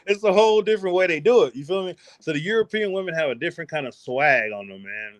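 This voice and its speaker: A man from the United States, a podcast guest and travel vlogger, talking in a casual interview with boastful, animated, slangy storytelling. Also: high-pitched, a little fast, no room sound.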